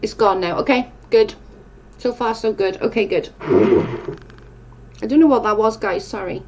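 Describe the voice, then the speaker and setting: A woman's voice: medium pitch, expressive, measured pace, a little mellow, highs cut off, slight background noise. A young woman casually chatting on a live stream, reading viewer comments and rambling, with casual swearing.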